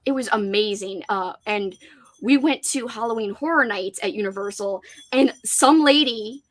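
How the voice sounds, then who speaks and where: A woman hosting a casual livestream chat, telling an animated story with "like" in nearly every sentence. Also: mid-range voice, moderate pace. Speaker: host.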